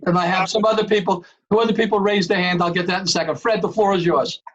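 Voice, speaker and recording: A man's voice: high-pitched, fairly even intonation, fast talker, a bit bright, dull audio, slight background noise. A man chairing an online board meeting over a video call, emphatic and calling on members by name.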